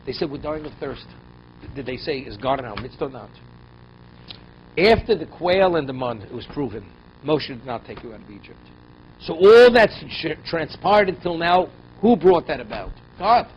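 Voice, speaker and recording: Lively male rabbi teaching a class. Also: fairly high pitch, normal speed. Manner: reads Hebrew verses, then explains in English with rhetorical questions; voice rises and drops sharply for emphasis. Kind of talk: Torah class, translating and explaining verses. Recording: dull lo-fi recording, faint noise.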